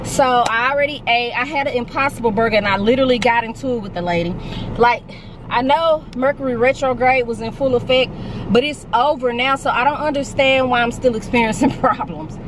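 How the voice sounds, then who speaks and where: A woman in her early forties telling a casual storytime vlog, candid and animated, quick to vent. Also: fairly high pitch, background noise. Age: 40s. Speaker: vlogger.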